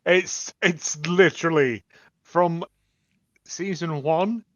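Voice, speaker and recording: A man's voice: a little high, slow pace, no echo. A man co-hosting a casual podcast, talking hesitantly with many fillers. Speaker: podcast co-host. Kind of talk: casual chat. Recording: dull lo-fi mic.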